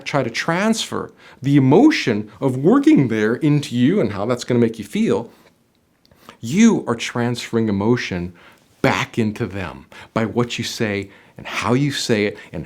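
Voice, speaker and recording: A man's voice: mid-range voice, darkish tone. A middle-aged man coaching job seekers straight to camera, emphatic and motivational, speaking directly to the viewer.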